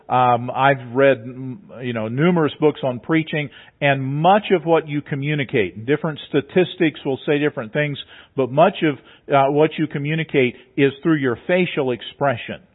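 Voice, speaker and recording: A man preaching a sermon, explaining a passage step by step in a teacherly way and often repeating words as he goes. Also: mid-range voice. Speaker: pastor. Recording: tinny phone-like sound.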